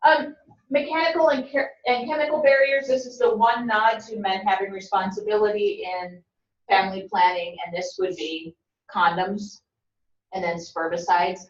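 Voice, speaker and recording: A woman's voice: mid-range voice, steady tone, normal speed. Woman lecturing a class from afar. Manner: conversational, joking with students. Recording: dull, roomy, from a distant mic.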